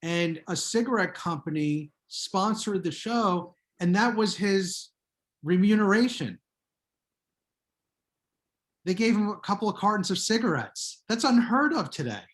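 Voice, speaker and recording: A man's voice: high-pitched, lively intonation, a little slow. Chatty man on a video call. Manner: chatty, anecdotal. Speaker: guest author. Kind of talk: casual Zoom talk.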